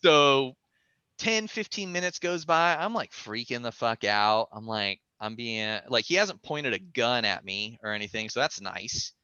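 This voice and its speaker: A man telling a story as a podcast guest, animated and profane, acting out the voices. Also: medium pitch, measured pace, clean tone, no room sound, muffled recording. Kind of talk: casual storytelling.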